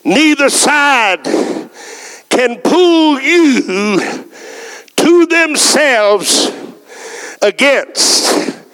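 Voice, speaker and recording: A man preaching a fervent sermon, shouting and calling for responses from the congregation in a church. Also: extremely high pitch, expressive. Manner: shouting, fervent, drawn-out exclamations. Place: church sanctuary.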